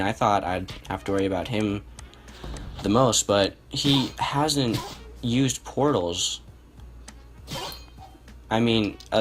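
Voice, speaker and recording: A fairly low-pitched young man talks through a replay of his own match in a relaxed, unscripted way, often stopping to correct himself. Quiet music plays behind him. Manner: relaxed, self-correcting, thinks aloud. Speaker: gameplay commentator. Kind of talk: casual match commentary over gameplay.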